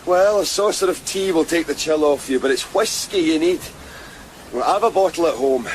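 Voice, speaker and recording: An actor playing a kindly, concerned village weaver with a Scottish accent, speaking plainly and coaxingly in a radio drama. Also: male voice, on the high side, lively intonation, moderate pace, a little hiss or hum, close to an everyday voice, low-quality recording. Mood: gentle concern. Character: Thomas Buchan, a kindly middle-aged village weaver.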